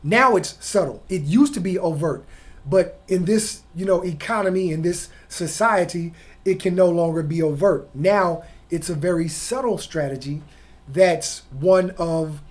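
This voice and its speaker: A man's voice: on the high side, unhurried. A man hosting his own channel, delivering an opinion monologue in an emphatic, lecturing way with rhetorical questions. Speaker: channel host.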